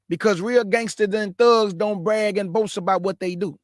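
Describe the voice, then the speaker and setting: A man's voice: high voice, steady tone, normal speed, no room sound, clean studio sound. A man preaching live to young people, fervent and repetitive, often calling listeners man and family. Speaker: host and preacher.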